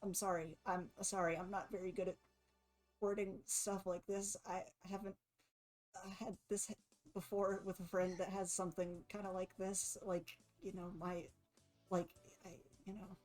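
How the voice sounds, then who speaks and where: A woman's voice: mid-range voice, little pitch movement, normal speed, a little mellow, soft background music, voice pushed up, lightly acted. A woman voicing a nervous teenage superhero girl who stumbles over her apologies. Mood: anxious.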